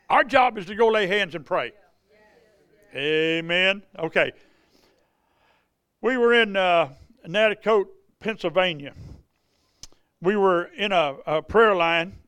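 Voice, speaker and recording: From the pulpit, a revival preacher with a high, fairly bright voice tells stories of healing, with no room sound in the recording. His folksy, conversational sermon is marked by repetition and restarted sentences.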